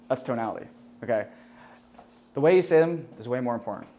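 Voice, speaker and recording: A man's voice: mid-range voice, lively intonation, fast, long pauses, a little mellow, a little hiss or hum. A young man teaching a sales class in a loose, chatty way, leaning on "like" and "right?" and swearing casually. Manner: swears casually and laughs at his own jokes. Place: classroom with a live audience.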